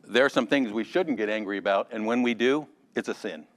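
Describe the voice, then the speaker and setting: Animated man teaching a Bible class. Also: fairly low pitch, a little fast. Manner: animated, addresses class members by name, jokes. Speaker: Sunday school teacher. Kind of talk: conversational Bible lesson.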